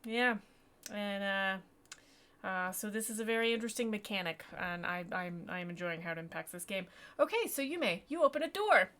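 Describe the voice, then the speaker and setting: A woman's voice: mid-range voice, lively intonation, normal speed, fairly bright tone. Woman, game master, casual chat, filler-heavy. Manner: chatty, thinking aloud with many fillers. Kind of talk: casual tabletop game talk.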